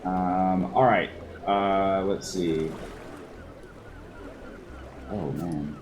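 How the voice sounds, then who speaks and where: A man running a tabletop game as dungeon master, unhurried and chuckling as he thinks aloud between dice rolls. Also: sits low, steady tone, lo-fi sound, noisy background.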